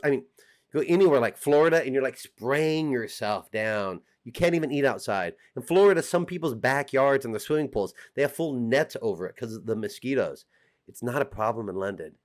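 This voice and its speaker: Chatty middle-aged American man vlogging. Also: mid-range voice. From United States. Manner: chatty, joking, direct address to viewers. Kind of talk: casual talk to camera.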